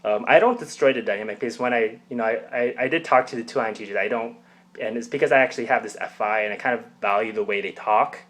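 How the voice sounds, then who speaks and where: A man's voice: mid-range voice, quick pace, a bit bright. A man talking to camera in a casual, rambling way, explaining his ideas through anecdotes, with many fillers, restarts and the odd chuckle. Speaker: personality type channel host.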